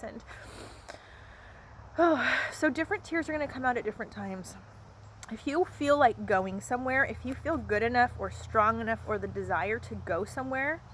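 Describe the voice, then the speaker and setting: A woman vlogger talking casually and earnestly about grief, gentle and reflective, with many fillers and restarts as she gives encouraging faith-based advice. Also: mid-range voice. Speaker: vlogger sharing personal grief experience. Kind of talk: casual heartfelt talk to camera.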